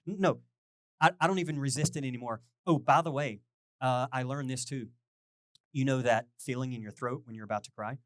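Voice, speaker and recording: Chatty, animated male pastor. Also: on the high side, a little fast, dry recording, studio quality. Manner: animated, jokey, asks the crowd questions, sings bits. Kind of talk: conversational sermon.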